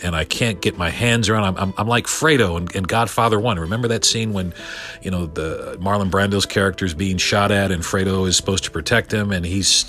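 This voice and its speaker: A middle-aged man telling a story casually, animated and excitable, often stumbling over his words with restarts. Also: sits low. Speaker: podcast guest telling a story.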